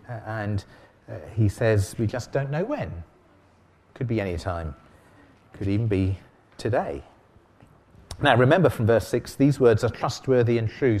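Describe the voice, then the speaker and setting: Man preaching with lively, rising pitch. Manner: conversational, asks the congregation rhetorical questions. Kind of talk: sermon.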